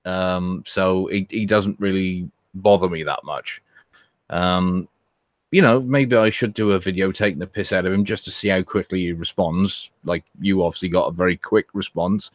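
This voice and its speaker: A man's voice: deep voice, fairly even intonation, no room sound. Hesitant dry-humored man, close and dry. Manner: hesitant, many pauses and fillers, dry humor. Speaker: panel guest. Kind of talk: casual online group chat.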